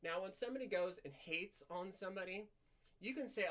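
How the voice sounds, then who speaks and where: Woman, vlog monologue, slightly nasal, softened practiced voice, blunt, venting, rambling. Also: medium pitch, a little fast. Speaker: vlogger. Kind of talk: candid personal vlog monologue.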